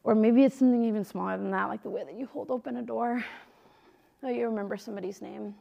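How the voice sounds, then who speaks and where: Young woman, missionary speaker, faith talk to a group, casual and emphatic, some vocal fry. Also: on the high side, fairly even intonation, quick pace, dull audio. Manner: conversational and emphatic, speaks straight to listeners.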